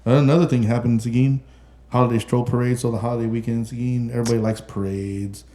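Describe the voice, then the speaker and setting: A man's voice: mid-range voice, little pitch movement, quick pace, warm tone. A man hosting a podcast, chatting casually in a joking, rambling way. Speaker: podcast host.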